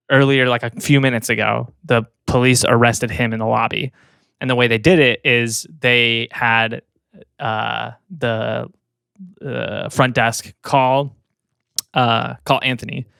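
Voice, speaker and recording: A man with a gravelly, fry-edged voice tells a story in relaxed podcast chat. He laughs easily between lines. The sound is dry and close. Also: mid-range voice, measured pace, no echo. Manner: laughs often while telling the story. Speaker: podcast co-host.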